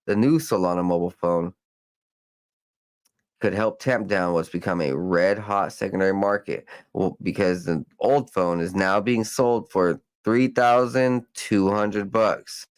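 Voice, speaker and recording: A man's voice: sits low, steady tone, a little slow, clear, resonant tone, no echo, poor audio. A man hosting a podcast, reading news articles aloud and breaking off into loose, rambling commentary full of fillers and restarts. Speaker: podcast host.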